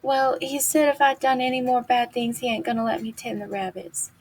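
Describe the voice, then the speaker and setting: A woman reading as big childlike Lennie, plaintive and husky. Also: a little high, darkish tone, voice pushed up. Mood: mournful. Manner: plaintive, halting, simple speech. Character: big childlike simple-minded male farmhand.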